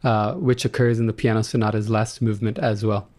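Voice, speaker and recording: A man's voice: on the low side, little pitch movement, a little fast, darkish tone. A man in a casual podcast conversation, asking a friend friendly prompting questions about his music. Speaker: friend and co-host interviewing the composer.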